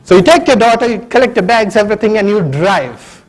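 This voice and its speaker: A man's voice: high-pitched, lively intonation, fairly quick, rough recording. A man giving a conference keynote, telling a humorous story and talking straight to the audience. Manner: humorous, addresses audience directly. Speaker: keynote speaker. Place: conference hall.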